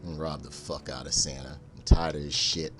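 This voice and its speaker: A man streaming a game, joking and cursing in an animated, storytelling way. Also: very deep voice, moderate pace, over music. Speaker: gaming streamer. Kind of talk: casual let's-play commentary.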